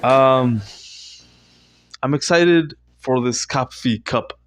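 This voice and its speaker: A young man rambling through a solo comedy monologue at home, swinging from low mutters to loud shouted bursts and swearing often. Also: slow pace, slight background noise. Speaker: vlogger doing improv comedy. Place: at home, indoors.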